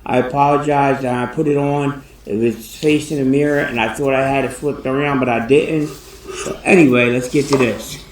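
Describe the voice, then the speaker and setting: A young man talks loosely through an unboxing in his kitchen, often breaking into exclamations. He is picked up by a phone camera across the room, so he sounds distant in an echoey space. Steady background noise sits under his voice. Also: medium pitch, moderate pace. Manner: loose, chatty, exclaims a lot. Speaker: hobby snake breeder vlogger. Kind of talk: casual unboxing vlog. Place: home kitchen. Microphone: phone camera set across the room.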